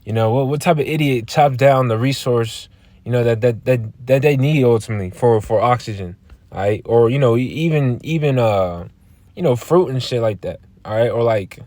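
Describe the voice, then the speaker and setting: A man giving informal scripture teaching in a blunt, halting way. He repeats words and keeps asking "all right?". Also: mid-range voice, warm tone, dry recording. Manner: blunt, profane. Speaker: religious teacher.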